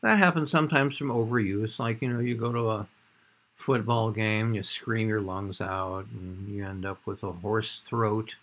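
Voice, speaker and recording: A man's voice: fairly low pitch, fairly even intonation, normal speed, fairly bright tone. A man giving a recorded anatomy lecture over slides, talking in a conversational way and often checking in with "all right?".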